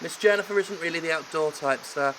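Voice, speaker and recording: A man reading the lines of an old gardener flatly, in his own voice. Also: a little high, fairly quick, background noise, lightly acted. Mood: dry. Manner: flat plain reading. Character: old male gardener, grumbling.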